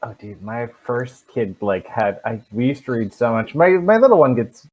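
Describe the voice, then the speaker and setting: A man's voice: medium pitch, sing-song, normal speed, lo-fi sound. A man chatting casually and loosely with fellow players, rambling with fillers. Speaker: tabletop game player. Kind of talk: casual chat.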